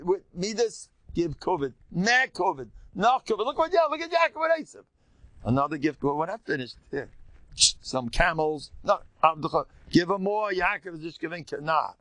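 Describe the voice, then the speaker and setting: Older man, rabbi, Torah lesson, lively pitch, dry close sound. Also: normal speed, dry recording. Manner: animated storytelling, acts out quotes, mixes in Yiddish and Hebrew. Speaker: rabbi teaching a class.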